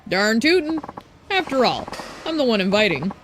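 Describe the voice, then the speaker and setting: A woman's voice: a little high, big pitch swings, normal speed, background noise. A woman reading aloud as a drunken, folksy former baseball ace, brash and full of old-timey slang. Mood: boisterous.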